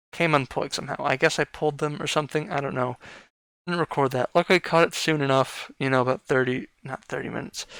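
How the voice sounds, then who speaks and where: Tired, rambling man with smooth voice. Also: medium pitch, a bit bright, no echo. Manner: rambling, tongue-tied, filler-heavy. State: tired after work. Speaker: gaming YouTuber. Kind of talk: casual rambling outro chat.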